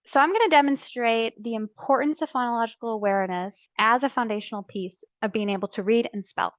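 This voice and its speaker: A woman presenting a training session for early childhood educators, explaining letters and sounds clearly and deliberately. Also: a little high, no echo. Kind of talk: instructional narration.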